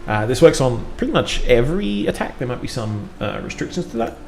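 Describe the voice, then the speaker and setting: A man's voice: mid-range voice, very animated, brisk, gravelly. A British man casually hosting a gameplay livestream, chatty and joking with self-deprecating asides. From United Kingdom. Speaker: community manager and stream host. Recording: roomy sound with faint music.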